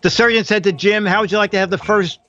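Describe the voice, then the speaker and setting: Brief: fairly high-voiced male host, chatty and giggly, dull lo-fi stream sound with faint music behind. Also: steady tone, fast talker, a bit bright. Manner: chatty, laughs often, reads game show questions. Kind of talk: casual live-stream chat.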